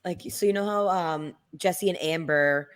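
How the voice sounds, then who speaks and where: A woman's voice: lowish voice, a little slow. A woman co-hosting a casual TV review chat, animatedly retelling scenes and quoting characters. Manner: animated, acts out quotes from scenes. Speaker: podcast co-host.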